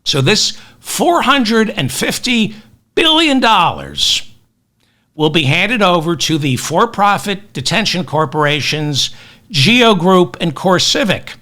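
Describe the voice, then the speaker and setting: Lively, bright-voiced ranting podcast host. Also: male voice, high voice, slow. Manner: ranting, sarcastic, self-deprecating asides. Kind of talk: comedic news commentary.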